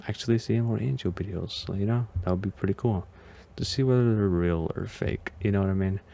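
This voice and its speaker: Deep-voiced hesitant male vtuber. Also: fairly quick, creaky, dark tone. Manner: hesitant and rambling, often unsure. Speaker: vtuber reacting to videos. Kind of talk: casual reaction commentary.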